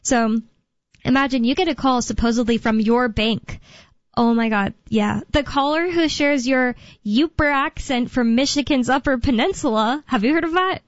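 A woman's voice: sits high, moderate pace, no room sound, lo-fi sound. A woman hosting a talk radio show, chatting in a rambling way with lots of fillers. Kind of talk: casual talk radio chat.

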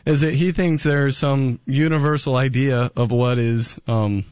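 A male talk radio host who reasons calmly with an amused edge. His voice is dry and slightly muffled. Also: medium pitch, a little slow, no echo.

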